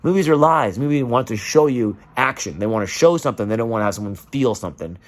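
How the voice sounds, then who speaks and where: A man's voice: medium pitch, animated, fast talker. A man delivering an emotional, profane rant straight to camera and acting out the voices of the people he quotes. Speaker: vlogger.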